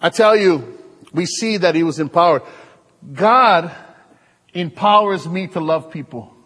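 A male preacher giving an animated, joking sermon to his congregation. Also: sits high, measured pace, slightly rough, in a large hall. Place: church hall.

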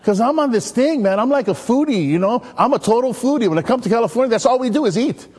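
A male pastor from Maui preaching an animated sermon, telling stories and calling out to the congregation. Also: very high-pitched, fast talker. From Maui, Hawaii. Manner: energetic, chatty, storytelling with call-and-response.

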